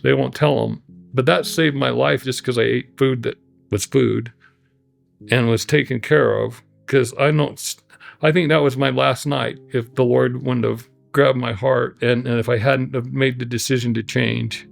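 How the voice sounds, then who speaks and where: A man telling his personal testimony in an earnest, halting way, often restarting his sentences. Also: mid-range voice, fairly even intonation, creaky, faint music behind. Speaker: guest telling his story.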